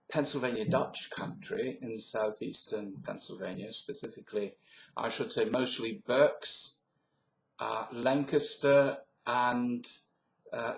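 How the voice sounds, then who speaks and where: Slow-talking man at a webcam. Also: medium pitch, creaky, fairly bright tone. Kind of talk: casual demonstration of accents. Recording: roomy webcam recording.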